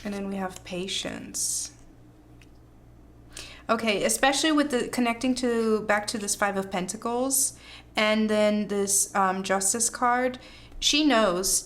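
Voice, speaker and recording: A woman gives a pick-a-card tarot reading at an unhurried pace. She gushes and hypes the listener up in slangy, effusive talk, often breaking into laughter. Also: on the high side, a bit bright. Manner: gushing, hyping, laughs often. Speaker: tarot reader.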